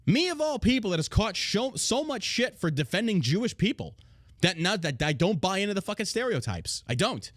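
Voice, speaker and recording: Sarcastic cussing podcast dude ranting, kinda high voice, super dry mic. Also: male voice, sing-song, fairly quick, a bit bright, no echo. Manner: brash, sarcastic, combative, swears a lot. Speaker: podcast host. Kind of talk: casual profane rant.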